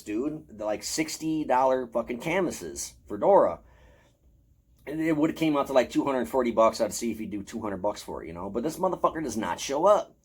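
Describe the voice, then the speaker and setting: A man's voice: mid-range voice, slightly rough. A man telling a casual, profanity-heavy story about his convention haul, acting out his own lines. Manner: profane, animated, acts out his own quotes. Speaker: horror convention vlogger showing his haul.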